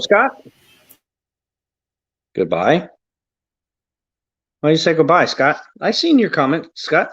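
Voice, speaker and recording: Trucker host, male, husky and lively, casual stream chatter, lo-fi dry audio. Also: mid-range voice, dry recording. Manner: chatty, laughs often, breaks into joking voices. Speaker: trucker hosting a live chat stream. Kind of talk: casual live-stream chat, reading and answering comments.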